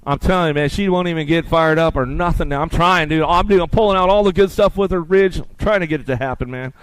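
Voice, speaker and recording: A man's voice: fairly high pitch, quick pace, slight background noise. A man calling live races as the announcer, rattling off play-by-play and bantering with the crowd. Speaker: race announcer. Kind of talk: live race commentary.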